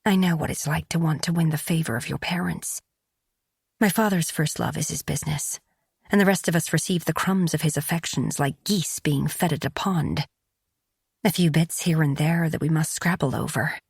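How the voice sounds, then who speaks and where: A woman voicing a gentle, sympathetic young noble wife with a husky voice, speaking softly and quietly in a romance audiobook. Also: low-pitched, normal speed, no room sound, clean studio sound, full character voice. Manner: soft and quiet.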